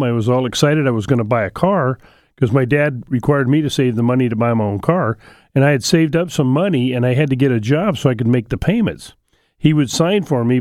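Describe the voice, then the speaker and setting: A middle-aged man hosting a call-in radio show on money and investing, telling stories in a folksy, energetic way with lots of restarts, in a studio. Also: mid-range voice, no echo. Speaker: radio show host, financial advisor. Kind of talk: call-in radio talk, storytelling.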